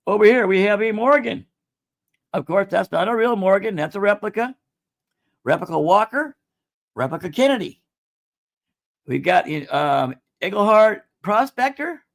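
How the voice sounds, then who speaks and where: A man's voice: high-pitched, lively intonation, normal speed, pauses often. Folksy man selling coins live. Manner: folksy, chatty, greets viewers, says "folks" often. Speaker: livestream seller of coins and jewelry. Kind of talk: casual live sales stream.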